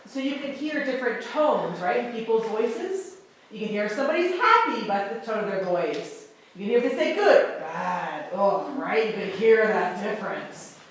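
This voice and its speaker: A woman teaching a sign language class in a library room, encouraging and emphatic, repeating phrases slowly for her learners. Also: fairly high pitch, lively intonation, slight background noise. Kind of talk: classroom instruction. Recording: echoey room, voice far off.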